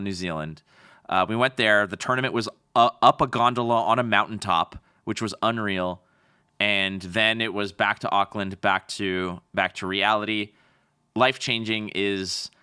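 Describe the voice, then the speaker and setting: A man's voice: lowish voice, sharp tone, clean tone. A young adult man from Canada co-hosting a podcast, bantering and joking in casual chat. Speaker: podcast co-host.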